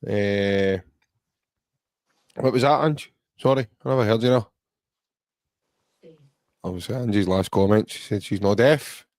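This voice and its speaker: A man's voice: on the low side, measured pace, pauses often, darkish tone, dry recording. A Scottish man hosting a casual football podcast, chatty and jokey, rambling through banter. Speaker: podcast host.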